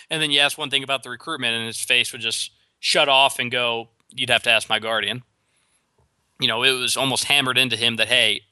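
A man hosting a sports talk show alone, giving opinionated commentary with quick restarts. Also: medium pitch, sharp tone, no room sound. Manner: opinionated, rapid with frequent restarts.

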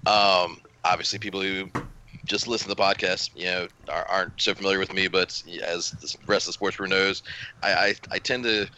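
A young man on a podcast, telling stories in a lively, animated way and stumbling over his words now and then. His voice sits fairly low but has a bright, forceful edge. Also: a little fast, a little hiss or hum, poor audio. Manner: animated storyteller, stammering restarts. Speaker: podcast co-host. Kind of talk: casual storytelling chat.

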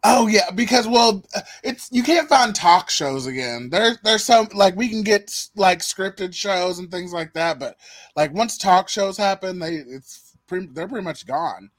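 Man, podcast host, casual profane chat, fairly high voice, dry close sound. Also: lively intonation, a little slow, fairly bright tone, dry recording. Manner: loose, profane, laughing commentary.

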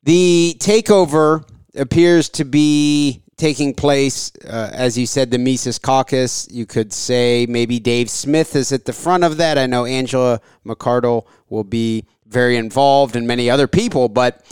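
A man hosting a podcast, asking calm, measured questions. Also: mid-range voice, clean tone, dry recording, clean studio sound. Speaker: podcast host. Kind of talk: podcast interview.

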